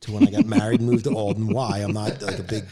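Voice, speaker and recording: A man's voice: lowish voice, flat delivery. A middle-aged man, co-hosting a casual podcast and chiming in with short quips. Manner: quick interjecting commenter, chiming in with short quips. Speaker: podcast co-host. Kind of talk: casual chat. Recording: crowd chatter behind.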